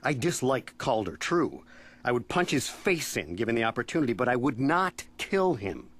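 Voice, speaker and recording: A man's voice: mid-range voice, very animated, moderate pace. A man voicing a defensive, flustered middle-aged settler suspect in a video game, speaking earnestly. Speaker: game character. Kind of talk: studio video game voice acting.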